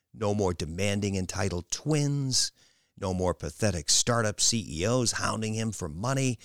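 A man narrating a novel with expressive, lingering storytelling. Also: sits low, no room sound, clean studio sound. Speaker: audiobook narrator. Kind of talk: scripted narration.

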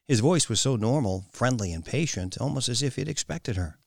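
A man narrating a novel, with an expressive, swooping delivery. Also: medium pitch, a little fast, no room sound, studio quality. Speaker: audiobook narrator. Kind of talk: scripted narration.

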